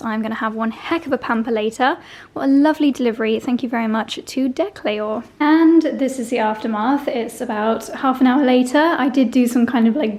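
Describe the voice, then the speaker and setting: Brief: young woman, home vlogger, slightly high pitch, chatty and gushing. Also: a little mellow. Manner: chatty, fond of gushing over deliveries. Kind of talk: casual vlog chat.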